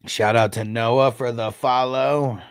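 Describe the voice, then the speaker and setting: Laid-back gravelly man hosting a livestream. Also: mid-range voice, steady tone, slow pace, dry recording, studio quality. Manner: laid-back, slangy, swears and laughs easily. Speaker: fantasy football livestream host. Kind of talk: casual livestream chat answering viewers.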